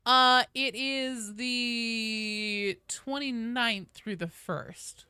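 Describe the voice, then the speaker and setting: A woman game streamer chatting casually and excitedly on a live stream, greeting viewers by name as she plays. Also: on the high side, a little slow, clean tone, dry recording, clean studio sound.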